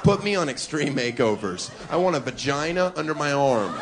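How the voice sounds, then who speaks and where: A man's voice: on the high side, very animated, moderate pace. A man doing a stand-up comedy set on stage, with a brash, mocking delivery. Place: stage before a live audience. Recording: live club recording with crowd noise. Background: audience laughter.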